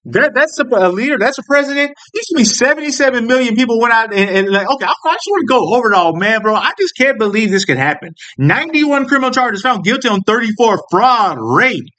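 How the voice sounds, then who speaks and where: Man ranting with a high, lively voice. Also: fast talker, few pauses. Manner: profane, heated, ranting with repeated restarts. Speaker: political commentary vlogger. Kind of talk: angry political rant.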